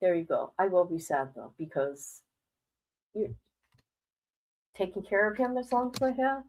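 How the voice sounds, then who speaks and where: A middle-aged woman chats frankly to her viewers on a casual livestream. She is blunt, holds nothing back and laughs often between remarks. Her voice sits at a moderate pitch for a woman. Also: big pitch swings, unhurried, darkish tone, slight background noise, low-quality recording. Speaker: livestream host.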